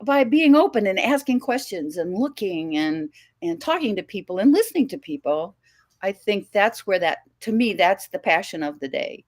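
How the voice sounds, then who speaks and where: A woman's voice: medium pitch, sing-song, normal speed. An older woman from the American Midwest talks as a podcast guest. Her tone is reflective and chatty, and she often restarts her sentences and laughs lightly as she goes. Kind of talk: casual conversational interview.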